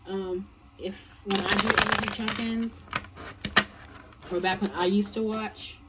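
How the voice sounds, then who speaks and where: A woman's voice: medium pitch, steady tone, a little slow, distant mic, heavy background noise. Blunt, swearing woman tarot reader. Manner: blunt, profane, chatty with many fillers. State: tired, yawning. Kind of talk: casual tarot reading.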